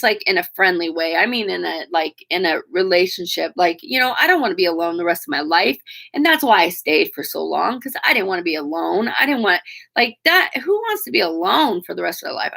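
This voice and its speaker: Bright-voiced frank woman in her forties. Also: lowish voice, animated, moderate pace, gravelly. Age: 40s. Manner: frank, emotional and chatty, with frequent fillers and swearing. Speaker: vlogger talking to viewers. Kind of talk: candid live-stream chat.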